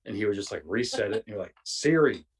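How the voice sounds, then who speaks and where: A man's voice: on the low side, racing, slightly rough, far from the mic. A man, a podcast guest, telling rambling, profane anecdotes casually, with lots of restarts. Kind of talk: casual storytelling.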